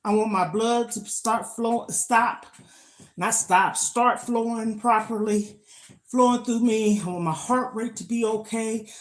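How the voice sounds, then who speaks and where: A woman's voice: on the high side, fairly even intonation, unhurried. Chatty older woman motivating viewers. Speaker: lifestyle vlogger. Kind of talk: casual live-stream chat while exercising.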